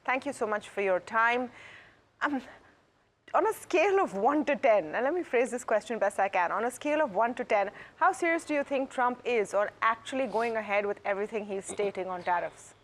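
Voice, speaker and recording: A woman's voice: on the high side, expressive, a little fast. A woman anchoring a business news interview, asking long questions and rephrasing them as she goes.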